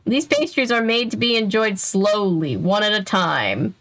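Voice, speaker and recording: A woman's voice: medium pitch, lively intonation, measured pace, a bit bright. A woman reading the lines of a worried middle-aged male French pastry chef in her own plain voice, without the accent. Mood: gentle.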